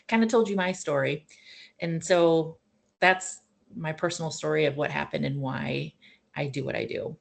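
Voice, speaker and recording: A woman's voice: deep voice, normal speed, creaky. A middle-aged woman hosting a wellness class, telling her own story in an earnest, rambling way. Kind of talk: casual personal talk and teaching.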